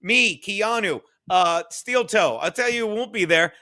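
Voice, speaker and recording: A man hosting a casual livestream show. His voice sits high and sharp-edged. He talks in a loose, profane way and reads viewer comments aloud. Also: unhurried. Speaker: livestream podcast host.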